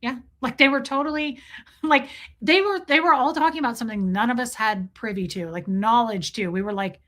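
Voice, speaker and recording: Bright-voiced woman telling wild stories. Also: on the high side, brisk. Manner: animated, lots of "like" fillers and cursing. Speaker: livestream host. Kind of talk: casual storytelling to a live chat.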